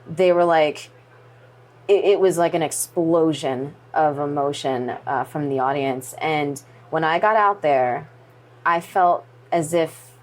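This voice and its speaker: Slow and deep-voiced, a woman wrestler recounts a story while being interviewed in a casual chat. Her telling is lively, she performs the voices of the people she quotes, and "like" and "you know" come up again and again.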